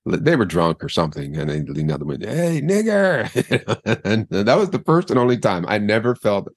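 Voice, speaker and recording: A man's voice: low-pitched, expressive, fast talker, no room sound, clean studio sound. An older man with a Mid-Atlantic American broadcast accent, a former news anchor talking casually as an interview guest, stumbling over words and laughing easily. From United States.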